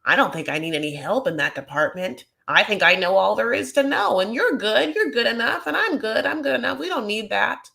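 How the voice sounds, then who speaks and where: An older Southern woman, defensive and sure she knows it all, drawls each line in a put-on Southern accent. Her voice sits well above the speaker's usual register and carries a gravelly edge, as a man acts her out. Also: high voice, lively intonation, a little fast, hardly any pauses, sharp tone, voice pushed up, exaggerated voice. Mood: dismissive.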